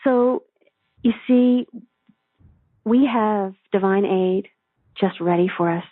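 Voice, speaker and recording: A woman's voice: mid-range voice, dry recording. A woman spiritual teacher telling a story and leading a guided meditation, speaking earnestly and soothingly over a phone line. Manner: earnest, soothing, slow when guiding. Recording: tinny phone line, dry.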